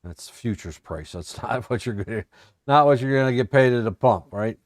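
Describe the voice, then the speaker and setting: A man's voice: medium pitch, lively intonation, normal speed, dry recording, studio quality. An American man giving a casual, folksy live-stream recap of his trading day, joking and thinking aloud as he looks over charts. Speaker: trading educator.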